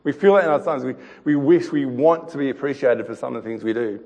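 A middle-aged man preaching a sermon, telling a family story with repeated words and soft chuckles. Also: medium pitch, fast. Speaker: pastor. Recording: long hall reverb.

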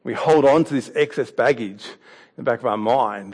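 A male preacher, giving a sermon in a relaxed, conversational way. His voice sits at a middling pitch for a man, and he often drifts softer and quieter. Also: normal speed, breathy edge. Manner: conversational and warm, with laughs and anecdotes.

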